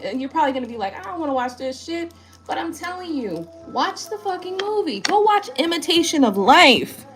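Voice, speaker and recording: Rambling, swearing woman tarot reader. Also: very high voice. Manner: rambling, tag questions, frequent swearing. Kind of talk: live-stream chat, reading viewer comments.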